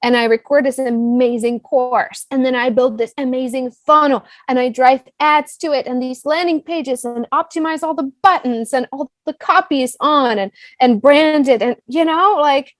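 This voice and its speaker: A woman in her thirties with a foreign accent, a business coach telling her own story as a podcast guest, animated and full of "like" and "right?". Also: high voice, moderate pace, few pauses, no room sound. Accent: non-US foreign accent. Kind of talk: personal storytelling in a podcast interview.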